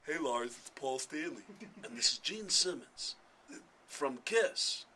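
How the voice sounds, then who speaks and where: A man doing an impression of a blunt male rock singer who speaks low and deliberately. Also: expressive, bright, forceful tone, slightly rough, heavily acted. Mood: accusing.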